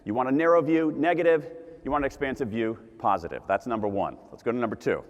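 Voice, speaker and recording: A man giving an animated conference talk, repeating his key points for emphasis. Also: mid-range voice, quick pace. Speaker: conference speaker. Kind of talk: keynote talk to a live audience. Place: large conference hall. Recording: long hall reverb.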